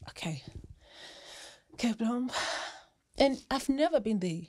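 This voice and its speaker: A South African woman, a rugby player guesting on a podcast, telling lively stories and often breaking into laughter. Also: fairly high pitch, slightly rough. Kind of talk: casual storytelling chat.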